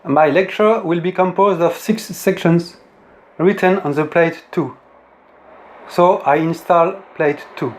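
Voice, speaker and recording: A man's voice: on the high side, slight background noise. A man with a French accent, not a native English speaker, giving a careful, formal science lecture. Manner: careful, deliberate, formal phrasing. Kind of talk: slow formal lecture reading.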